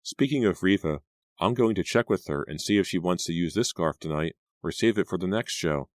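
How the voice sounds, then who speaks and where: Man putting on a scared teen girl, high strained voice, near tears, storybook, dry close sound. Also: lively intonation, fairly quick, no echo. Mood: uneasy. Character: frightened teenage girl model. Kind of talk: audiobook character voice.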